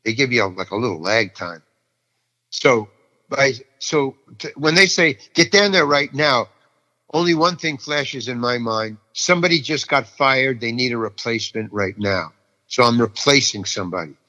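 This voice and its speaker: Animated older man spinning a story. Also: mid-range voice, normal speed, in a large hall, dull audio. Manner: restless, repeats himself, acts out each person in the story. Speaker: actor telling an anecdote.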